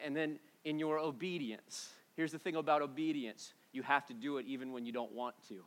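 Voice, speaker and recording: A man preaching a sermon in a church, casual and joking, swinging between loud bursts and hushed moments. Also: mid-range voice. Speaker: pastor.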